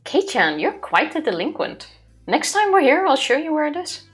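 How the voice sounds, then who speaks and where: A woman's voice: high voice, sing-song, moderate pace, faint music behind, pitched above the performer's own voice. A woman voicing a confident, teasing teenage girl from a visual novel.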